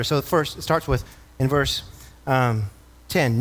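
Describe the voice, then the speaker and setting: A man's voice: mid-range voice, slow pace, few pauses, a little hiss or hum. A male pastor preaching a sermon, reading scripture and asking the congregation questions. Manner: earnest preaching, asks the congregation questions, reads scripture aloud.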